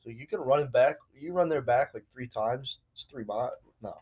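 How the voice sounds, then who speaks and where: A man's voice: medium pitch, normal speed, a little mellow, slightly rough. A young man hosting a casual podcast chat with friends, upbeat and rambling. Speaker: podcast host.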